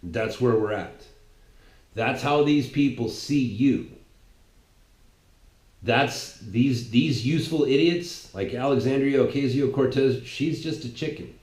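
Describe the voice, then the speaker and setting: Man, political commentator, heated rant, rambling, repeats himself, mid-pitched voice, roomy echo. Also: slow, a little mellow. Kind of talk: ranting monologue.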